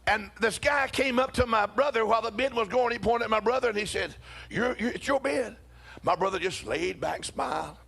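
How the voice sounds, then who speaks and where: A pastor telling a funny story during a church sermon, animated and often chuckling as he talks. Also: high voice, a little fast, creaky, hardly any pauses, breathy edge.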